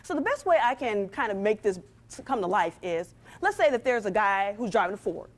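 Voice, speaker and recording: This motivational speaker talks straight to her audience from a stage, using a lively, preacher-style rhythm. Her voice is mid-range and her delivery a little fast.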